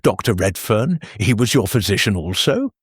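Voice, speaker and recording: A man voicing a shrewd, gentle detective with soft, deliberate questioning. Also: on the low side, very animated, breathy edge, dry recording, studio quality, heavily acted. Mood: probing.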